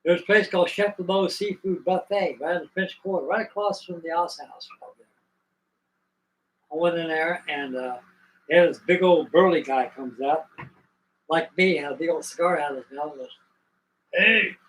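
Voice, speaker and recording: A man's voice: fairly high pitch, normal speed, pauses often, fairly bright tone, distant mic, slight background noise, poor audio. An older man from Virginia, hosting a live stream, spinning a rambling, folksy story with restarts. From Virginia, USA. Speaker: host.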